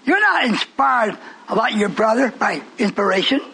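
A man preaching a fiery sermon, speaking emphatically and breaking into shouts. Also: high-pitched, animated, normal speed, rough recording.

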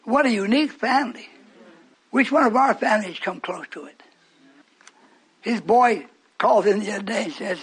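Older man, fervent radio sermon, rambling, very high-pitched, husky. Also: moderate pace, pauses often, fairly bright tone. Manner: fervent, rambling, tells stories to the congregation. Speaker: preacher. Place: church hall with a congregation.

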